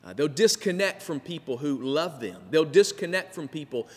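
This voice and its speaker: A pastor preaching a sermon, building emphasis through repeated phrases. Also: male voice, a little high, animated, moderate pace, big-room sound. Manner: preaching with rising emphasis and repetition.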